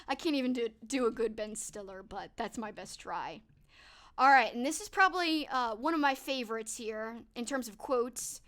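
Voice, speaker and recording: A young adult woman chatting casually to her live stream viewers, animated and quick to laugh, sometimes slipping into silly movie-quote voices. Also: a little high.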